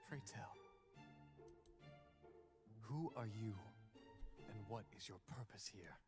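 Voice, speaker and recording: A man's voice: on the low side, expressive, slow. A man voicing a courtly ghost lord of an old mansion, speaking in a formal, old-fashioned, tender way. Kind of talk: visual novel voice acting. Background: music.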